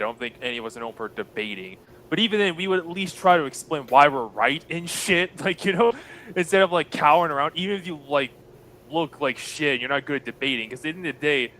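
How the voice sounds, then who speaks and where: Bright-voiced laid-back podcast co-host. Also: male voice, on the high side, slight background noise. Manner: laid-back, agreeing, crude. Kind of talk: casual reaction chat.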